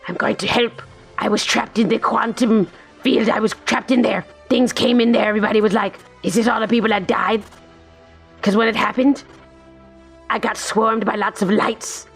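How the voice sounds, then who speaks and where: A woman's voice: on the high side, fairly even intonation, normal speed, vocal fry, husky, soft background music, voice pushed up. A woman putting on the voice of a dazed, goofy male tiny superhero, rambling in a bewildered way.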